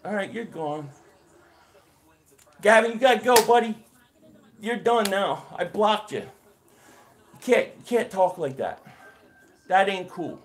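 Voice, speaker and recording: Host, man, higher voice, energetic play-by-play on a live stream, chats with his viewers. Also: takes it slowly, pauses often. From Philadelphia area. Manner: excited play-by-play calling, reading and answering chat. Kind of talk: live game reaction stream.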